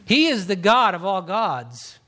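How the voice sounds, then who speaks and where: A middle-aged man with a high-pitched voice delivers a sermon as a pastor. He preaches in an easy, conversational way, acting out quotes with sudden rises and hushed drops. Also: sing-song, unhurried.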